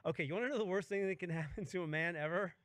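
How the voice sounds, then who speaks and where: A man's voice: high-pitched, racing, fairly bright tone, no echo, faint music behind. A man telling a comic story in casual chat, ranting and swearing, acting out other people's voices.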